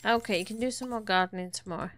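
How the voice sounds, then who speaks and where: Woman, casual gameplay commentary, chatty, fond, mid-pitched voice. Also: racing, fairly bright tone, a little hiss or hum. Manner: chatty, talks fondly to her game characters. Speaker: gaming YouTuber. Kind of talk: casual Let's Play commentary.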